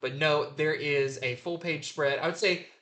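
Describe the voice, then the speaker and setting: Bright-voiced man rambling about comics. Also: fairly high pitch, steady tone, normal speed. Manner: enthusiastic, rambling with fillers. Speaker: comic book review host. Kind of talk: casual review chat.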